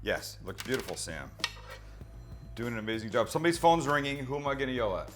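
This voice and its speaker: A man's voice: medium pitch, big pitch swings, fast, soft background music. A middle-aged man hosting a cooking show from his home kitchen, chatty and teasing, answering his own questions. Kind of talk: casual cooking demonstration. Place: home kitchen with low ceilings. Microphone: handheld mic held close at times.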